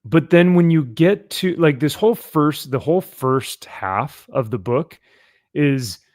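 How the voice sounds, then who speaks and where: A man's voice: fairly high pitch, lively intonation, unhurried, a little mellow, no echo, clean studio sound. A man hosting a casual comic book chat, rambling with many fillers and laughs. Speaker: podcast host. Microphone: headphones and desk mic.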